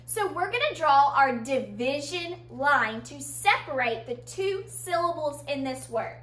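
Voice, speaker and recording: A woman teaches a children's phonics lesson at a slow, careful pace. Her high, bright voice rises and falls a lot as she asks questions and praises the class. She is recorded from some distance in an echoey room. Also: expressive.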